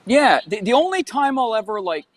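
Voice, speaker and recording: A man's voice: very high-pitched, big pitch swings, moderate pace. A man with a Canadian accent, a guest comedian on a podcast who rambles and stammers, then puts himself down. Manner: rambling, stammering and self-deprecating. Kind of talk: podcast chat.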